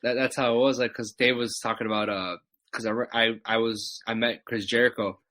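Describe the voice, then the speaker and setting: A man's voice: medium pitch, brisk, no room sound. A young adult man telling stories in a casual chat, acting out what people said. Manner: animated storyteller, acts out quotes. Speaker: podcast guest.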